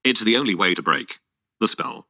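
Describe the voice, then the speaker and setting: A male text-to-speech voice reading the lines of a sad young princess under a spell in a flat, synthetic way. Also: fairly low pitch, normal speed, no room sound, full character voice.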